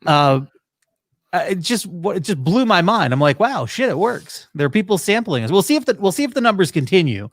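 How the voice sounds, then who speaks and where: Lively wry male podcast host. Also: high-pitched, a little fast, no room sound. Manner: animated, swearing, wry asides. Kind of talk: casual chat.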